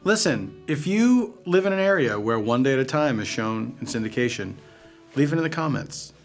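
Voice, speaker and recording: A man's voice: medium pitch, very animated, normal speed, faint music behind. Playful man hosting with dry wit. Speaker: interview host. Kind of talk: casual chat.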